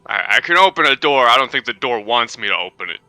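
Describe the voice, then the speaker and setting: Guy player in a tabletop game, super bright crisp voice, dry sound. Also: mid-range voice, very animated, quick pace, no echo, soft background music.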